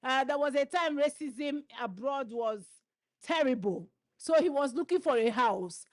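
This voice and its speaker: A woman moderating a conference session, introducing a reader and urging the audience to be quiet and applaud. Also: sits high, lively intonation, unhurried, no room sound. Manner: encouraging, asks the audience for quiet. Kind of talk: introducing a speaker on stage. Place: conference stage.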